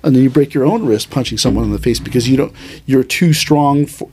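Animated man, martial arts teacher. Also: mid-range voice, crowd noise. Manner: animated, thinks aloud with restarts and quick asides. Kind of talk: casual podcast conversation.

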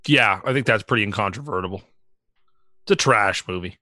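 An opinionated man holding forth in casual chat, rambling and contrarian as a podcast host. His voice is bright, and the recording is very dry and close. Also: on the low side, fairly quick, no echo.

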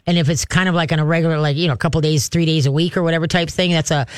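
A folksy middle-aged man rambles through dog-training advice on a call-in show, now and then slipping into little voices. His voice sits a bit high for a man, and the sound is dry and close. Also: steady tone, very fast, clean tone, no room sound. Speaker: dog trainer answering a caller.

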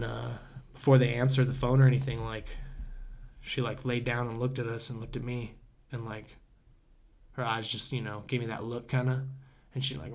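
A young man talks in a mid-pitched, everyday voice as a guest on a casual podcast. He rambles and circles back, drops "dude" and "bro" into most sentences, and swears without thinking about it. The feel is relaxed and conversational, like a story told to a friend.

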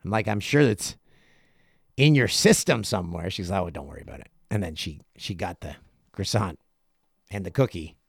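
A middle-aged man hosting a podcast, telling a casual story and acting out other people's lines in quick asides. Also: sits low, expressive, gravelly, slightly rough, dry recording, studio quality. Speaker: podcast host.

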